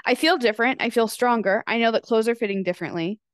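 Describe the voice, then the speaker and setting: A woman's voice: a little high, quick pace, no room sound, clean studio sound. A woman in her thirties hosting her own podcast, talking candidly in a chatty confessional way and swearing freely. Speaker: podcast host. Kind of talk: casual confessional podcast monologue.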